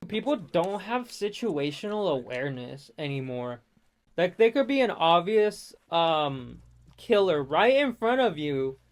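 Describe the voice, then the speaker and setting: A man ranting casually and profanely over gameplay, rambling from one gripe to the next. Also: high voice. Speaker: gaming vlogger.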